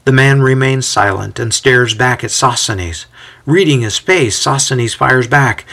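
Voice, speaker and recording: A man giving a measured, scripted story narration. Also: mid-range voice, creaky, bright, forceful tone.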